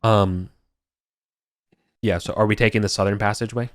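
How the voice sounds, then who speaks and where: A man's voice: lowish voice, steady tone, moderate pace, no echo, clean studio sound. A man narrating a tabletop game as game master, loose and rambling with many fillers.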